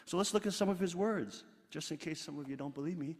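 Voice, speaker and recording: Middle-aged male pastor, high voice, emphatic sermon delivery, long hall reverb. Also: fast. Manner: emphatic, swings between loud exclaiming and quiet asides; leads the congregation in reading scripture aloud.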